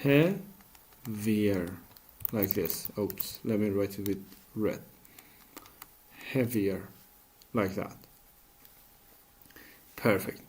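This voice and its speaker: Male teacher, patient classroom voice, unhurried, asks and answers his own questions. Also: lowish voice, darkish tone. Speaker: English teacher. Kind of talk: classroom grammar lesson.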